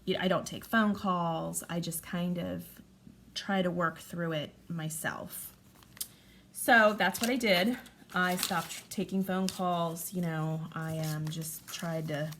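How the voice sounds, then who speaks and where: Forties mom vlogger, lowish voice, kinda rambly and open, faint hum in the room. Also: female voice. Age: 40s. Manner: candid, emotional, rambling with many fillers. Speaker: vlogger, stay-at-home mother. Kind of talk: casual chat to camera while crafting.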